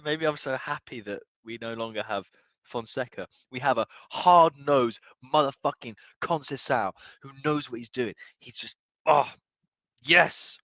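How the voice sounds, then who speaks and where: Young football fan streamer, a bit drunk, sweary and animated, sharp tone. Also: male voice, mid-range voice, no room sound, muffled recording. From United Kingdom. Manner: excitable, sweary, swings from muttering to yelling. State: tipsy. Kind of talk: live match watchalong reaction.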